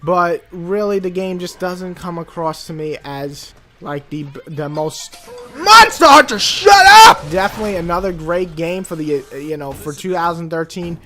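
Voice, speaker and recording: A woman giving a casual game review, rambling and profane, joking around and breaking into sudden loud outbursts. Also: on the low side, fairly even intonation, measured pace, few pauses, music in the background.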